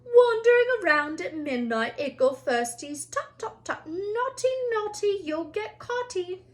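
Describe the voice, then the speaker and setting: A woman voicing a mischievous poltergeist in a sing-song, taunting, very high voice. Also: very animated, a little slow, full character voice. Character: mischievous poltergeist, shrill and gleeful.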